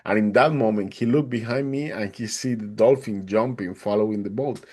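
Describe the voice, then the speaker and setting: A man, a podcast guest, recounting a personal experience in an animated way and acting out the others' lines. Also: fairly low pitch, normal speed. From Atlanta, Georgia, USA. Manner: animated, acts out the other people's lines in a raised voice. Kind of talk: personal storytelling.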